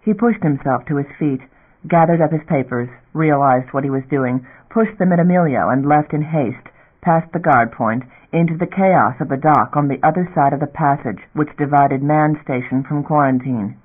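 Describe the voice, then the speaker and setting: Guy reading a sci-fi book aloud, kinda high voice, tinny phone-line audio. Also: moderate pace. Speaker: audiobook narrator. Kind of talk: scripted narration.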